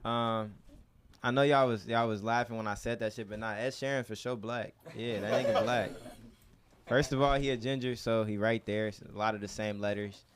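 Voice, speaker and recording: A man's voice: on the low side, steady tone, normal speed, a little hiss or hum. A man hosting an open mic, doing loose, slangy stand-up banter and laughing between bits. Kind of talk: stand-up comedy, casual slang. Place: small comedy club stage.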